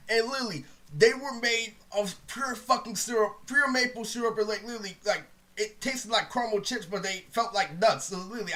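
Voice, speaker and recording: A young male storytime vlogger delivers a rambling, profane monologue in a pushed, bright voice. He says "literally" constantly and drops his voice low whenever he quotes other people.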